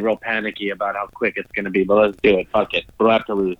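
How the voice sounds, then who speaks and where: A man on a call jokes nervously about being put on the spot, half laughing at himself. His voice is on the lower side, and the call sounds dry and dull. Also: little pitch movement, fast talker, hardly any pauses, no echo. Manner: nervous, self-mocking, laid-back. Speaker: quiz guest on a call.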